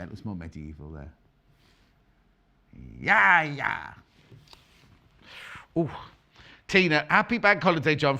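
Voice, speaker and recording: A woman's voice: deep voice, bright, forceful tone. A middle-aged woman presenting a live TV sewing demonstration as a quilting expert, chatty and bantering with crew and viewers.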